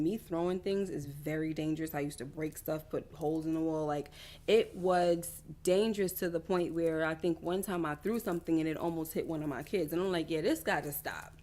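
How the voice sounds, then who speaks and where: Candid woman hosting a faith livestream. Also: low voice. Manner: candid, confessional, talks straight to viewers; rambling with frequent restarts and asides. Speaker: host of a faith-based wellness livestream; doctoral student. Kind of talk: casual livestream chat.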